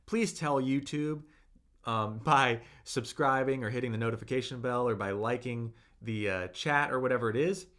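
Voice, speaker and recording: A man's voice: mid-range voice, normal speed, a bit bright. A young man hosting a casual live-stream language lesson, upbeat and encouraging, with many fillers and "right?" tags.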